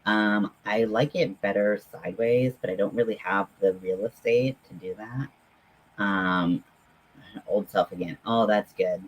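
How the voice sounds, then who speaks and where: A man hosts a relaxed livestream from home and chats with viewers. He talks slowly and haltingly, with lots of ums, in a fairly low voice that stays friendly. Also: slightly rough, soft background music, rough recording. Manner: halting, filler-heavy, friendly chatter. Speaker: livestream host. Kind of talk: casual livestream chat with viewers.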